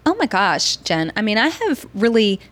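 A woman's voice: mid-range voice, very animated, normal speed, fairly bright tone. A woman guest on a podcast who explains her ideas earnestly and with animation, often adding "you know". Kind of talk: casual conversational interview.

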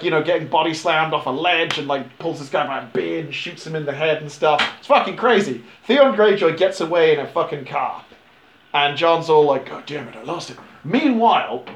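A man's voice: a little high, slight background noise. A man in casual chat, animatedly recapping a film scene by scene, swearing freely and putting on the characters' lines. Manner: animated retelling with swearing and impressions. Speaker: podcast co-host recapping a film. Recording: roomy echo.

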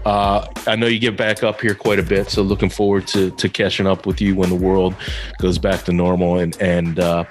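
Very deep-voiced male podcast host. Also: flat delivery, moderate pace, soft background music. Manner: friendly, rambling, many fillers. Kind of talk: casual interview talk.

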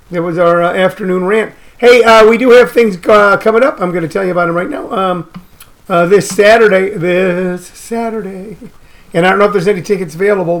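A man's voice: high voice, a bit bright. A man hosting a radio show, riffing loosely in a comedic rant and repeating his phrases. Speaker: radio host.

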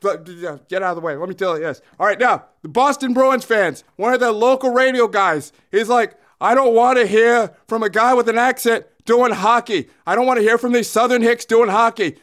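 A man's voice: very high voice, brisk, few pauses, a bit bright. A man playing a blustering, opinionated older male hockey pundit who rants and repeats himself in a comedic commentary bit. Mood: defiant. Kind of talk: comedic sports commentary impression.

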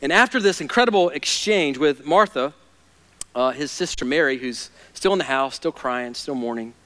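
A male pastor preaching a sermon, moving between hushed, intense passages and loud, fired-up ones. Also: a little high, lively intonation, normal speed.

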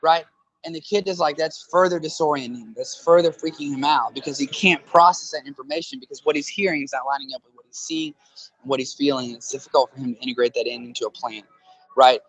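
A man's voice: mid-range voice, quick pace, a bit bright, husky, no echo, low-quality recording. A man in a casual conversation who talks into a handheld phone, explaining earnestly through analogies and often checking in with "right?".

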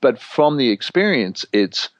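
A man talks in a loose, storytelling way, cursing freely and slipping into mock voices to make his point. His voice is mid-pitched. The sound is dry and a little dull. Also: unhurried, dry recording. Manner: animated storyteller, swears freely, mimics voices for effect. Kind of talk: casual spiritual conversation.

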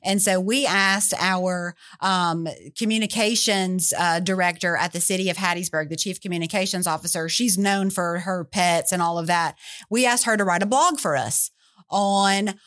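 A woman's voice: lowish voice, steady tone, normal speed, a bit bright. Chatty woman telling stories. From Mississippi, USA. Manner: enthusiastic, chatty, with fillers. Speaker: tourism director guest. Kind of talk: radio interview storytelling.

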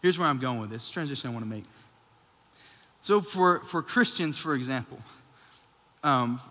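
A man's voice: mid-range voice, expressive, moderate pace, sharp tone. A man in his thirties, a pastor giving a casual, joking, self-deprecating sermon in a church auditorium. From Texas. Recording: long reverb of a large hall.

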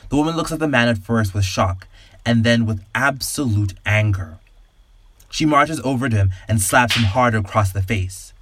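A man hosting a podcast and narrating a story in a calm, measured, soothing way. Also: mid-range voice, a little hiss or hum. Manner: calm, slow, soothing guided-imagery delivery.

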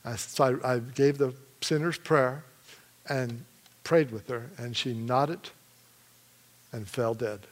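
A man from Michigan giving a testimony in a sermon, telling his story with animated energy and frequent laughs. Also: mid-range voice, takes it slowly, long pauses. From Michigan, USA.

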